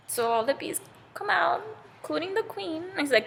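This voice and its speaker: Lively young woman telling a fable. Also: sits high, moderate pace, gravelly, slightly rough. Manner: casual, animated retelling with fillers. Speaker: student storyteller. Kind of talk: oral storytelling of a fable. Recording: long reverb in a hall.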